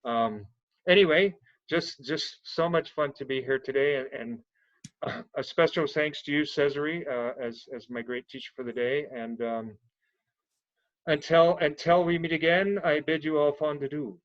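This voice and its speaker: A man's voice: fairly high pitch, moderate pace, no echo, lo-fi sound. A man sharing earnest spiritual reflections in a casual, rambling way on an online call. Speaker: participant in an online gathering.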